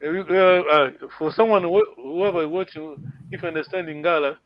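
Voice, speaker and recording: A man whose voice is on the high side speaks with fairly even intonation at a moderate pace, and the highs in the recording are cut off. Running an online language lesson, he patiently repeats words and often checks in with "yeah?"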